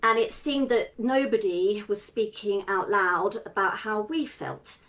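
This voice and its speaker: A woman from England with a posh English accent, speaking in an earnest, measured way as a local resident in a news interview. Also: mid-range voice, a bit bright.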